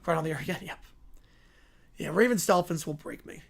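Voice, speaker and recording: A man's voice: fairly high pitch, vocal fry, slight background noise. Male stream host, casual, offhand asides. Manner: relaxed, offhand, quick asides. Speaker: livestream host. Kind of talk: casual livestream chat.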